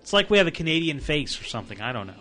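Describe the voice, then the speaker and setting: A man's voice: fairly high pitch, big pitch swings, rapid-fire, bright, forceful tone. A man hosting a gaming session with friends, making dry, bemused remarks. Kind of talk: casual gaming banter.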